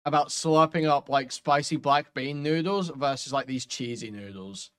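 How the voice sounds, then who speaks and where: A man's voice: medium pitch, normal speed, a bit bright, clear, resonant tone. A man giving blunt, profane reaction commentary on a clip, with disgusted asides.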